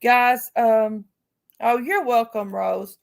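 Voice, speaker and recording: A woman hosting a casual live stream speaks to her chat viewers in a slightly high voice with a gravelly edge. Her talk is slow and unhurried, and she comes across as outspoken and heartfelt. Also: fairly even intonation. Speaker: livestream host.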